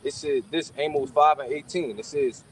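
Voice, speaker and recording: A man in a casual scripture discussion, reading verses slowly in a steady, emphatic way. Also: fairly high pitch, noisy background. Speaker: discussion participant.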